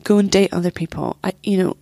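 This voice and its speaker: A woman's voice: fairly low pitch, steady tone, fast, creaky, warm tone, dry recording, clean studio sound. A young woman telling a painful personal story as an interview guest, candid and swearing, acting out what others said.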